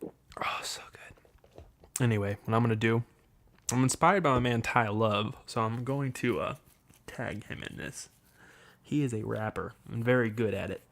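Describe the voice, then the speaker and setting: A man's voice: medium pitch, normal speed, gravelly. A young man hosting a solo podcast, rambling frankly and with profanity, and improvising poetry in a room with the window open. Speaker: podcast host.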